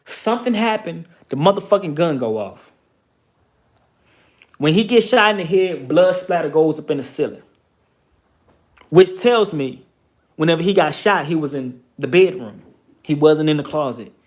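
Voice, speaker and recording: A slightly high-pitched man, spinning a story from his neighborhood. He talks casually and profanely and punches key points with emphasis. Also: lively intonation, normal speed, long pauses. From Texas, USA. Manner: emphatic, profane, streetwise retelling with rising bursts of emphasis. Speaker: vlogger.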